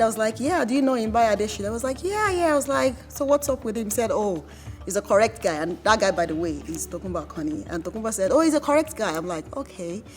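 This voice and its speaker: Sex: woman. Style: documentary interview. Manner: lively storytelling, acting out quotes, faint music behind. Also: mid-range voice. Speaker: wife.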